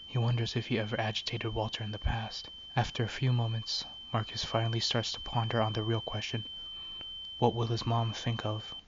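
A man narrating a short story in a steady, even dramatic reading. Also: medium pitch, dull audio, background noise.

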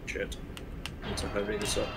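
A man's voice: fairly low pitch, monotone, moderate pace, creaky, music in the background. A man chatting casually while racing through a speedrun, talking through his moves with self-mocking asides. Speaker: speedrun racer.

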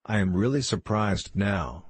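A man with a somewhat low, husky voice reads short English model sentences for learners. He says each line twice in a measured, even delivery, with a dry, close sound. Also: no echo. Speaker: English example reader. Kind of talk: scripted sentence reading for shadowing practice.

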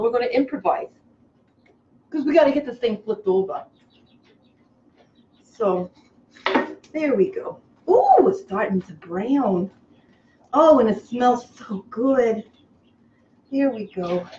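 A woman hosting a comic live cooking show from a kitchen, over-the-top excitable, breaking into squeals and gushing. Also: a little high, slow, long pauses. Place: home kitchen. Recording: echoey kitchen, slightly dull, faint hiss.

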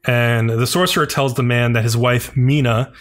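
A man's voice: mid-range voice, fairly even intonation, moderate pace, a bit bright. Man casually recapping an episode. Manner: loose, filler-heavy storytelling with many "like"s. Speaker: podcast co-host.

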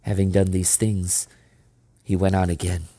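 A man reading a children's novel aloud as storyteller, steady and measured. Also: sits low, no room sound.

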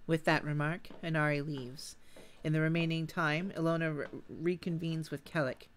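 A game player reads a visual novel's narration aloud in a middle-pitched voice, slipping into casual, giggly asides now and then. A faint hiss of noise sits under the voice. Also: little pitch movement, normal speed. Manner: casual, giggly asides between read lines.

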